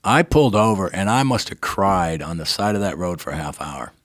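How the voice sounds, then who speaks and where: A man's voice: sits low, brisk, dry recording, studio quality. An older man, a guest on a talk show, tells a personal story with feeling, acting out what people said and often checking in with "right?". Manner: animated narrator, acts out quoted dialogue, keeps asking "right?".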